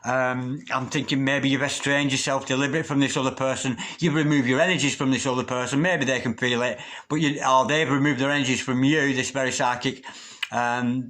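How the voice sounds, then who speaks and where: A man's voice: medium pitch, a bit bright. Chatty man giving a tarot reading. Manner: chatty, calls on spirit guides between readings. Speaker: tarot reader. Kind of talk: casual tarot card reading.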